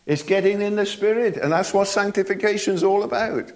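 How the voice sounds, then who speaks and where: A man's voice: high-pitched, a little fast, a little mellow. An older man preaching a sermon in a folksy way, chuckling often and asking his listeners rhetorical tag questions.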